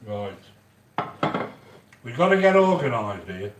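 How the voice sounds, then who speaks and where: A man hosting a chatty cooking stream from a home kitchen, rambling excitedly and answering viewers by name. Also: medium pitch, takes it slowly. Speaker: cooking video host. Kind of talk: chatty cooking livestream monologue. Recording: echoey room with faint background noise.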